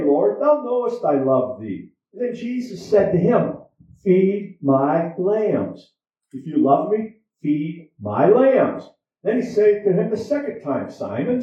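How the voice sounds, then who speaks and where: Male preacher, folksy sermon style, mellow tone, heard from far off in a roomy hall with a dull lo-fi sound. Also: high voice. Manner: folksy, repetitive, quotes scripture in old English. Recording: echoey, distant, dull lo-fi room recording.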